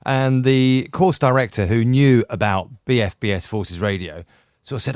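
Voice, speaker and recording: A man's voice: medium pitch, normal speed, a little mellow, dry recording, studio quality. A middle-aged man from the United Kingdom, a radio presenter chatting enthusiastically as a podcast guest and telling stories with many restarts. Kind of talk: casual chat.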